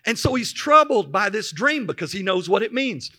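Male pastor, high and bright, mid-sermon, reads scripture, stops to explain it. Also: big pitch swings. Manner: reads scripture then pauses to explain with emphatic asides.

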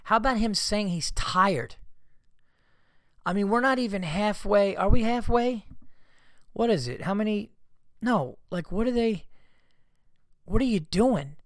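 A man's voice: high-pitched, a bit bright, no echo, clean studio sound. A man hosting a podcast and ranting in a casual, profane comedic monologue while fighting a cold. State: has a cold. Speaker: podcast host.

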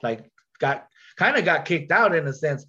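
A man with a nasal voice, a rapper guest telling a story in casual chat, slangy and quick to repeat and restart his words. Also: on the high side, very animated, pushed and bright, slightly rough, muffled recording.

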